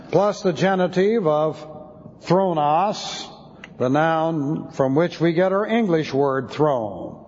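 A man's voice: fairly high pitch, animated, slow pace, a little mellow. A man teaching an expository sermon, spelling out Greek words letter by letter. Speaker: Bible teacher. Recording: dull lo-fi sound with long hall reverb.

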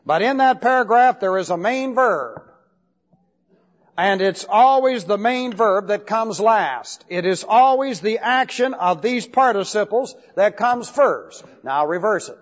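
A man's voice: sits high, expressive, measured pace. A man teaching Bible Greek grammar in a classroom lecture, emphatic, repeating points and spelling out key words. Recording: dull lo-fi recording with long hall reverb.

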